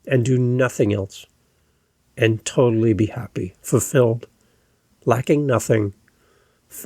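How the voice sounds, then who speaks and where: A man's voice: medium pitch, gravelly, darkish tone, slightly rough, no echo, clean studio sound. A man hosting his own solo podcast, talking in an earnest, reassuring and conversational way. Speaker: podcast host.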